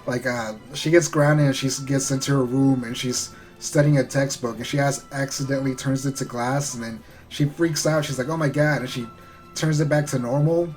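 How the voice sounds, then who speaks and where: A man's voice: mid-range voice, a little mellow. A man giving a loose, rambling recap of a show episode, full of fillers and the odd swear word. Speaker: show reviewer.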